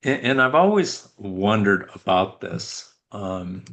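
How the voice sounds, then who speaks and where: A man hosting a panel, asking the guests questions in a hesitant, halting way. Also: fairly low pitch, very animated, a bit bright.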